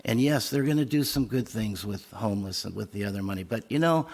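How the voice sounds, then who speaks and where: A man's voice: lowish voice, animated, a little fast, gravelly, few pauses, darkish tone. A man on a city council speaking with emotion and passion at a public meeting. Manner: emotional, impassioned.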